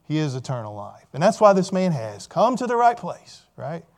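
A man's voice: on the high side, very animated, moderate pace. A man preaching a sermon with emphasis, repeating key phrases and putting questions to his listeners.

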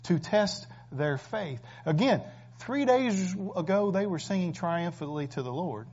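A man's voice: high voice, expressive, measured pace, few pauses, a little mellow. A man preaching a sermon, emphatic and full of rhetorical questions. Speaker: pastor. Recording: dull lo-fi recording.

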